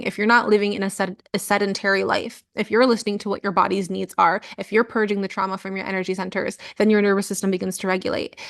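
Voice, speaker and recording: A woman's voice: mid-range voice, creaky, a bit bright. Give me a young woman coaching live, earnest and chatty with lots of fillers. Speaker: energy healing coach. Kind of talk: live coaching session talk.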